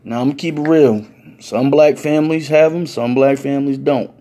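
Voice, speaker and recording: A man's voice: medium pitch, brisk, mellow. A man telling a funny story in casual, profane street slang.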